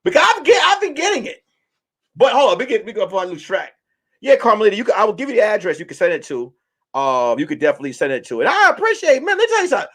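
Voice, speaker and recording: A man, a comedian, chatting casually to his viewers in a loose, animated way, slipping into song and mock voices. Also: high voice, rapid-fire. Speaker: comedian and vlogger. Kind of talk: casual vlog chat.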